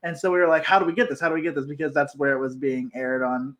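Chatty man, slightly high voice. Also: level tone, fast talker, a bit bright. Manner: chatty, storytelling, laughs often. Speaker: podcast co-host. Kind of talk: casual sports chat.

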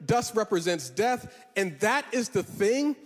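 A man with a high voice preaches, lifting his lines into a sing-song cadence and stretching words for weight. His voice rings with a long reverb off a large hall. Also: big pitch swings, a little slow. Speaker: pastor. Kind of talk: sermon.

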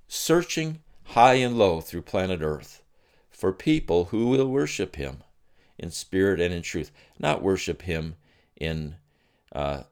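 A man with a very low, deep voice gives devotional teaching in an unhurried, earnest way. He pauses to reflect as he tells a personal story. He sounds middle-aged. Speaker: Christian teacher.

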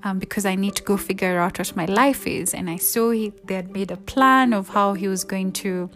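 A woman telling viewers a personal story, swinging between loud outbursts and hushed asides, with frequent ums. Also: medium pitch, moderate pace. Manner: emotional, rising to loud and falling to hushed asides.

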